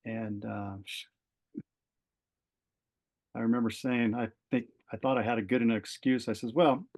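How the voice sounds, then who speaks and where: A man's voice: mid-range voice, flat delivery, a little mellow. Earnest middle-aged man telling his story. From Southern California. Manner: earnest, halting, repeats words as he gathers thoughts. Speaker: podcast guest, retired fire captain. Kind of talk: personal storytelling in an interview.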